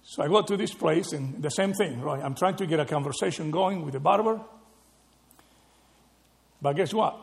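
A man preaching a sermon, animated and conversational, often asking his listeners "right?". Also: a little high, moderate pace, gravelly, pauses often. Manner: animated, rhetorical questions with frequent "right?". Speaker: pastor.

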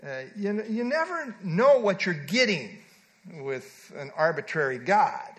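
A man's voice: high-pitched, big pitch swings, a little slow, fairly bright tone. A man preaching a sermon, reading scripture aloud and stepping aside for emphatic asides.

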